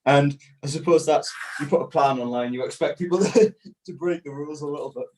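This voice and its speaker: A man's voice: fairly high pitch, a little fast, a little mellow, slight background noise, poor audio. A man with hiccups, patiently explaining step by step how he cuts kite panels. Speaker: kite builder demonstrating. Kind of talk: step-by-step craft instruction.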